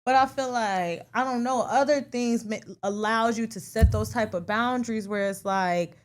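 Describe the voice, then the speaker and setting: A middle-aged woman co-hosting a talk podcast, telling parenting stories in a frank, animated way with casual swearing. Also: fairly high pitch, normal speed. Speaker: podcast co-host. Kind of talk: casual round-table chat.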